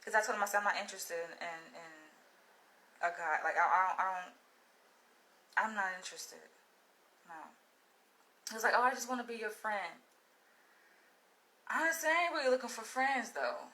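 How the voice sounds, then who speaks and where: A woman from Florida telling a story to her followers in a casual vlog, blunt and profane, with an animated delivery. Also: medium pitch, fairly quick, pauses often, low-quality recording. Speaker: vlogger.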